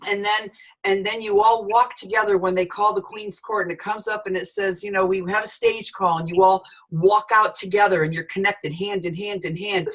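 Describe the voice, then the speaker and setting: A middle-aged woman giving an animated sales training talk, telling stories with voices for the people in them. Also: medium pitch, moderate pace, poor audio. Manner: storytelling, lively quoted voices.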